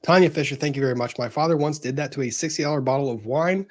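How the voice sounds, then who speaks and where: A man's voice: a little high, fast. A man hosting a casual livestream, earnestly thanking viewers as he reads out their super chats.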